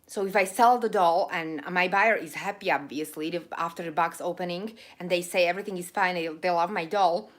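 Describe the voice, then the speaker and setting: A woman's voice: on the low side, fairly bright tone. A woman hosting a live stream who gets emotional and heated, speaks with a noticeable accent and breaks off to read her viewers' chat. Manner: emotional, ranting, speaks with an accent she calls funky. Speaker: livestream host reading viewer chat.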